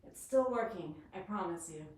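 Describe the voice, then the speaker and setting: A woman's voice: lowish voice, expressive, normal speed, a little mellow. A woman leading a home workout, counting down each set and cheering viewers on. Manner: counts down reps, upbeat and encouraging. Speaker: fitness instructor. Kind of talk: guided workout instruction. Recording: echoey room, distant mic, faint noise.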